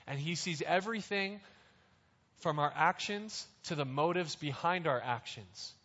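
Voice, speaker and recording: A man with a somewhat high voice delivers a sermon, unpacking scripture in easygoing, plain language and slowing down to make his points land. His voice carries a long hall echo, and the recording sounds dull and lo-fi. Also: a bit bright. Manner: conversational, explains scripture in plain words. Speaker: preacher.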